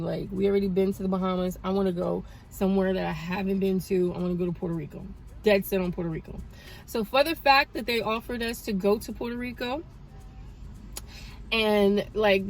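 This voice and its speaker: A woman in her thirties chatting casually in a vlog, telling a story with animated and grateful talk. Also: medium pitch, slight background noise. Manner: animated storytelling, praises God. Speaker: vlogger. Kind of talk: casual chat.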